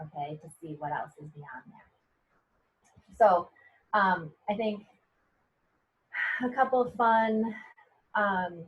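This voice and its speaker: A middle-aged American woman, both poet and professor, leads a poetry workshop over a video call in a husky, lowish voice. Her tone is conversational, and she often checks in with "right?" The audio is dull and lo-fi.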